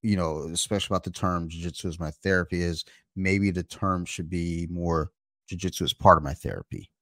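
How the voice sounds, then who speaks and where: A man's voice: deep voice, fairly even intonation, brisk, a bit bright, no room sound, studio quality. A man hosting a podcast who talks in a thoughtful, hesitant way with many fillers. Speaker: podcast host. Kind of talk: reflective conversation.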